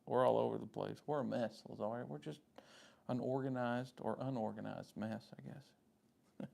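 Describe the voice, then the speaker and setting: A man's voice: fairly low pitch, creaky, darkish tone. A man with a Southern US accent hosting a casual live stream, rambling in a friendly way as he answers viewers' comments by name. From Southern United States.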